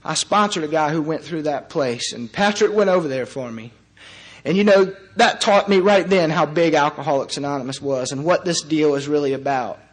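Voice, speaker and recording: A man's voice: fairly high pitch, normal speed. A young man speaking at a recovery meeting, telling his personal story in an earnest, conversational way.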